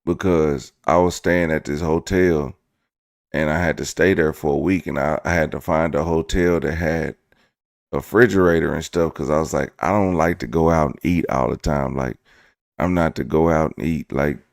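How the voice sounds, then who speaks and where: A deep, gravelly-voiced young man tells a rambling story straight into a close mic in a dry room. He jokes loosely and slips into little impressions as he goes. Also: steady tone, moderate pace, dry recording. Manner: loose and joking, breaks into laughs, mimics voices. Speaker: vlog host. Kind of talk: casual storytime commentary.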